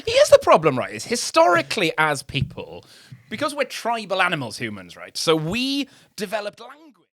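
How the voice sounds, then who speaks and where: A man's voice: high voice, huge pitch swings, normal speed, fairly bright tone. A man guesting on a pub podcast, making wry points in casual banter.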